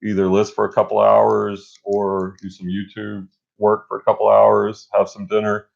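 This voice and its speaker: A man's voice: lowish voice, normal speed, vocal fry. Middle-aged man giving motivational chat. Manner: energetic, motivational, rambling with restarts. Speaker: co-host. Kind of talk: casual live-stream chat. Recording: dull lo-fi stream audio.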